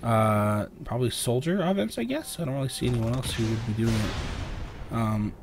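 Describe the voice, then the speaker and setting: A young man with a sore throat, casting a video game match alone in a rambling play-by-play full of fillers, often clearing his throat. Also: mid-range voice, expressive, normal speed, a little hiss or hum. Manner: rambling, filler-heavy, lifts and speeds up on big plays. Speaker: esports caster. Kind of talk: solo play-by-play game commentary.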